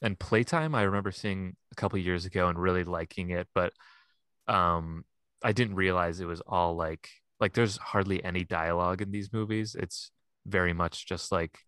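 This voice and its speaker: Man, podcast co-host, deep voice, dry close sound, rambly, laughs a lot. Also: normal speed, a bit bright, smooth, no room sound. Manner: laughing often, rambling with fillers. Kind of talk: casual chat.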